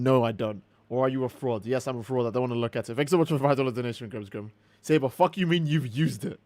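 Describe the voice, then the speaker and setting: A man hosting a game livestream, chatting casually and ranting in an animated, profane, exasperated way. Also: medium pitch, no room sound. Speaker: livestream gamer host.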